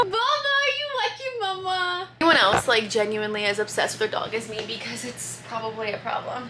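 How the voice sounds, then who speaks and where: A young woman vlogging casually, gushing and excitable as she unboxes packages indoors. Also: sits high. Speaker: lifestyle vlogger. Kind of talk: casual vlog chat, unboxing. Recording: echoey room, noisy background.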